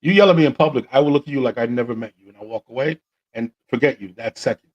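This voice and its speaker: A man hosting a podcast, telling stories in a casual, slangy, animated way and acting out what people said. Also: medium pitch, fast, lo-fi sound. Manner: animated, slangy, acts out quotes. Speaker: podcast host. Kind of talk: casual storytelling chat.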